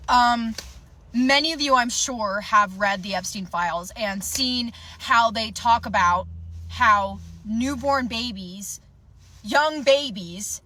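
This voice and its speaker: Bright, high-voiced woman ranting urgently. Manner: earnest and agitated, stumbling restarts. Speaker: content creator. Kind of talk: impassioned rant to camera.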